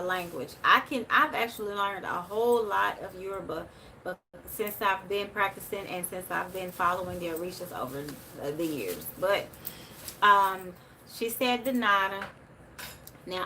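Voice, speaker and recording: Lady chatting on her livestream, bright voice, faint hiss behind. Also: medium pitch, rough recording. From Memphis, USA. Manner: chatty, reads viewer comments aloud. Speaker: spiritual livestream host. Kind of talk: casual livestream chat.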